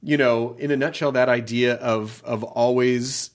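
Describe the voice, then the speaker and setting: A man's voice: medium pitch, steady tone, measured pace. A man talking earnestly and reflectively as a guest in a casual chat. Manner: earnest, thoughtful, restarts sentences.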